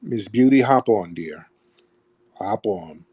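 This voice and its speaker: A man's voice: fairly low pitch, lively intonation, slow, mellow, husky. A man hosting a call-in stream, talking in an emphatic, preachy way and repeating phrases for stress. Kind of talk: opinionated call-in commentary.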